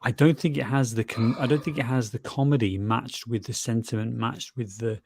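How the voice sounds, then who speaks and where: A man's voice: mid-range voice, steady tone, gravelly, a little mellow, husky, no room sound. A man co-hosting a film podcast in casual chat, often repeating words as he searches for what to say. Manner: halting, repeats words while searching for them. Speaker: podcast co-host.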